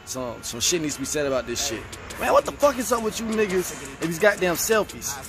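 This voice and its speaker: Vlog host, young man, high voice, profane animated rant over background music. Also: a little fast. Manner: profane, animated, streetwise slang. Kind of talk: casual rant to camera. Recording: music playing under the voice.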